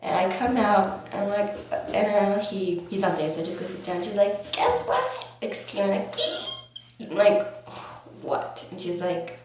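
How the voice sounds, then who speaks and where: A young woman in her teens telling a storytime vlog in a rambling, filler-heavy way with bursts of excitement, recorded on a camera mic at home. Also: mid-range voice, moderate pace. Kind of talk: storytime vlog, casual chat. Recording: very echoey room, faint hum.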